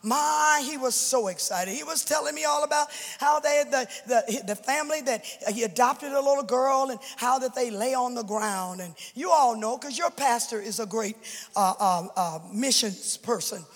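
A woman's voice: on the high side, moderate pace. A woman, the widow of a pastor, telling her story as an emotional church testimony that builds into fervent preaching. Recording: long reverb of a large hall.

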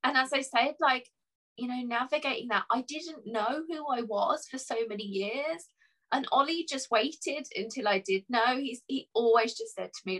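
A young woman with a bright, sharp-edged voice speaks openly and from the heart. She rambles a little with fillers as she shares personal memories, her feeling close to the surface. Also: fairly high pitch, normal speed, poor audio. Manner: candid, tearful at times, many fillers. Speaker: guest. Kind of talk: emotional personal conversation.

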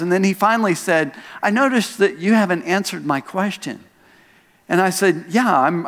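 This pastor's voice is high and fairly bright, ringing out in the large hall of a church sanctuary. He preaches through stories, drops self-mocking remarks, and hits key words with force.

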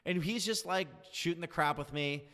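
A man's voice: a little high, normal speed, big-room sound. A man telling a long anecdote in casual chat, acting out the quotes of the people in it. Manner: animated storyteller, acts out quotes.

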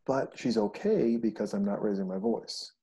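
A man, probably a podcast host, chatting casually and telling animated stories, often acting out the voices of people he quotes. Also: lowish voice, normal speed, husky. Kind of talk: casual conversation.

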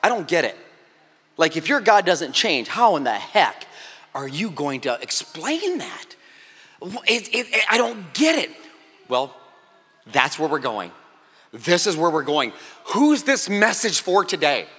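Animated joking male preacher in a hall. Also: a little high, a little slow, long pauses, slightly rough. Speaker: pastor. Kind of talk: sermon. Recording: echoey hall with long reverb.

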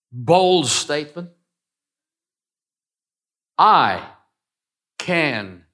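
A man preaching a sermon, swinging between loud declarations and quiet asides. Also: a little high. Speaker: pastor.

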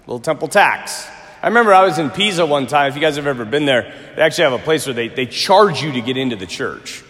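Priest's homily: lively, higher-pitched male preacher, casual and funny, echoing church. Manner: animated, conversational preaching with humor. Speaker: Catholic priest. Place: large church. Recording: reverberant church hall.

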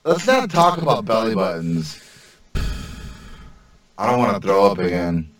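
Whiny joking man, slow and lively. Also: on the low side, far from the mic, faint music behind. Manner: mock-sensitive, whiny joking. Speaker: podcast co-host. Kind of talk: casual comedy chat.

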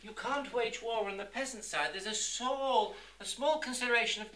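A man's voice: very high voice, normal speed, bright, forceful tone, roomy sound, far from the mic, a little hiss or hum. A man playing a fawning, scheming royal advisor who grovels obsequiously before his king. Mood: wheedling, scheming.

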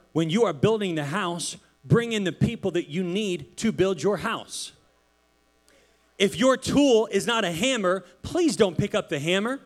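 A man, a pastor, giving a casual sermon in church, chatty and animated, telling stories with many asides. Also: high-pitched.

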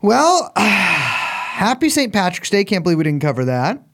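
An American man co-hosting a comedy podcast, joking around and cursing. His pitch jumps all over the place as he riffs. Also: very animated, measured pace, a bit bright. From United States. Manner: jokey, swearing, riffing. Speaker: podcast co-host. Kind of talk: loose comedic banter.

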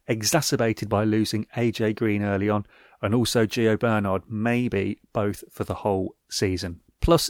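A man's voice: mid-range voice, no room sound. A man hosting a podcast, reading a scripted football recap with wry, dry asides. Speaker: podcast host.

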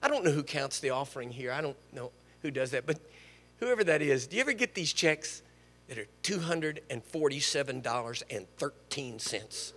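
A man's voice: mid-range voice, normal speed, big-room sound. An older man preaching a sermon in a church, telling stories and joking with the congregation. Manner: storytelling, animated, jokes with the congregation. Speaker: guest preacher. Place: church sanctuary.

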